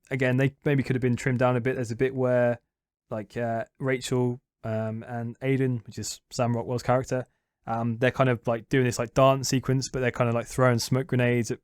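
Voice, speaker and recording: A man's voice: mid-range voice, darkish tone, smooth, no room sound, clean studio sound. A young man chatting casually through a movie review, rambling and hesitant with lots of restarts.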